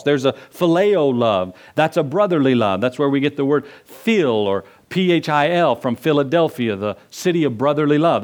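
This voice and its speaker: Pastor preaching with a slightly high voice. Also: male voice. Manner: conversational preaching with jokes and rhetorical questions. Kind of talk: sermon.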